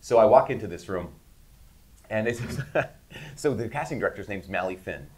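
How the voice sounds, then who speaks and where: A middle-aged man, a guest in an interview, telling casual stories with animated, laughing delivery. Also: fairly low pitch, moderate pace, slight background noise. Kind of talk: casual storytelling.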